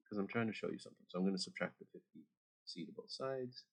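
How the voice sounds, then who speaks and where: A man's voice: sits low, expressive, fast talker, gravelly, breathy edge. A man teaching math over a screen recording, chatty and talking straight to his students with little asides.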